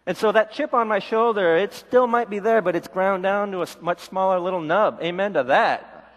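High-voiced man preaching in a hall. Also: moderate pace. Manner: candid storytelling, acts out quoted voices. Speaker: pastor. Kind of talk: sermon with personal testimony. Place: church.

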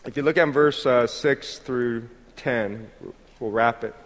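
A man preaching a lively sermon, acting out voices and building to shouted praise. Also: medium pitch, slow pace. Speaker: pastor. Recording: hall reverb.

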